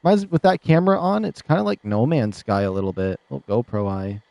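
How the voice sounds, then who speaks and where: A man's voice: lowish voice, a little fast, warm tone, no room sound. A man streaming a video game live, chatting casually and rambling, often laughing, on a desk microphone. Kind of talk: casual live gameplay commentary.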